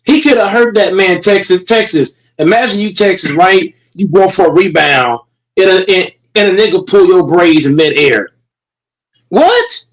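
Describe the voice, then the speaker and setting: A man's voice: sits high, expressive, moderate pace, poor audio. A man streaming a heated, profane rant, repeating himself and talking straight to his chat.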